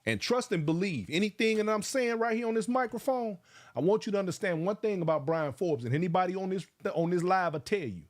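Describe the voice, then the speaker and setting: Fired-up guy on a livestream, kinda high voice, preachy, shouting folks out. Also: lively intonation, brisk. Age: around 50. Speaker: livestream host. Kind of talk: casual livestream talk.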